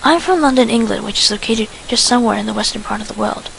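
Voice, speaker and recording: A woman's voice: a little high, fast talker, gravelly, a little hiss or hum, poor audio. A woman voicing a shy, polite teenage boy from London who speaks hesitantly and stammers. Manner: hesitant, soft-spoken, stammering.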